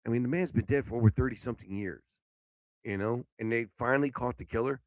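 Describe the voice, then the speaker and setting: A man hosting a casual live stream show, sleepy and yawning, rambling with loud outbursts and swearing. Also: mid-range voice, fast talker, dry recording.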